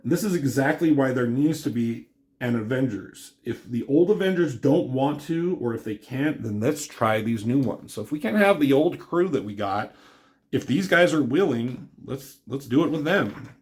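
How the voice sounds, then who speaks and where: Male comic reviewer, mid-pitch, loose filler-heavy recap. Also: lively intonation, normal speed. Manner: rambling, filler-heavy, paraphrasing dialogue.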